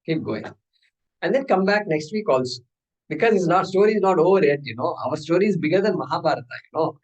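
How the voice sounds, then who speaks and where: A man's voice: a little high, quick pace, muffled recording. A man teaching a scripture class, conversational and playful, asking rhetorical questions and acting out little scenes. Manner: animated, playful, acts out dialogues, asks rhetorical questions.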